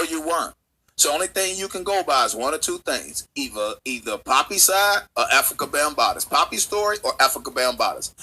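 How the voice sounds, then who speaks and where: A man's voice: medium pitch, pushed and bright, poor audio. A man hosting a livestream, delivering a heated, profane, confrontational rant.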